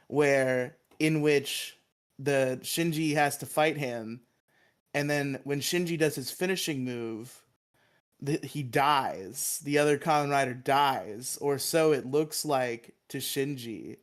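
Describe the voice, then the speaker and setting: A man co-hosting a podcast, eagerly retelling a show's plot in a rambling, casual way, swearing and laughing often. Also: fairly high pitch. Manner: excited, rambling, swears and laughs often, acts out quoted lines. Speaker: podcast co-host.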